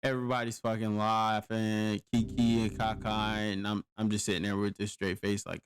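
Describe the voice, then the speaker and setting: A man's voice: lowish voice, normal speed, hardly any pauses, a little hiss or hum. A man, telling a profane war-story anecdote in casual podcast chat, acting out his own past lines. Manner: profane, animated storytelling with quoted exclamations. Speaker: podcast host, army veteran.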